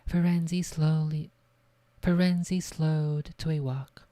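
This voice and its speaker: A woman's voice: sits low, steady tone, takes it slowly, warm tone, no echo. A woman streamer reading a book aloud in a casual way, swearing at her own slips. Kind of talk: casual read-aloud narration.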